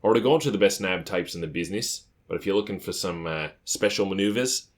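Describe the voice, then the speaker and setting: A man's voice: sits low, quick pace. A man voicing a cheerful, streetwise male tape dealer with a faint accent, talking in a friendly, conspiratorial way in an audiobook. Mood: jovial. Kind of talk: audiobook character voice.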